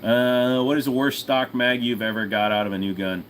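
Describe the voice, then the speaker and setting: Man, livestream host, swears freely, casual Q&A, mid-pitched voice. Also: normal speed, a bit bright, slight background noise, rough recording. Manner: profane, offhand, reads viewer comments aloud and answers.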